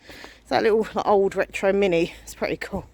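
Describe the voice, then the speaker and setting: Brisk and a bit creaky, her mid-range voice has a slightly mellow tone as this thirties-aged woman vlogs while walking a residential street. She's breathless and anxious yet chatty, frequently sighing and putting herself down.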